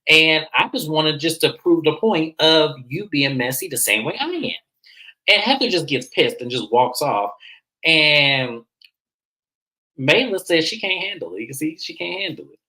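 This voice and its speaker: Animated low-voiced woman recapping reality TV. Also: normal speed, poor audio. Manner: animated, swears freely, acts out quotes in high voices. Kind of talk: casual recap chat.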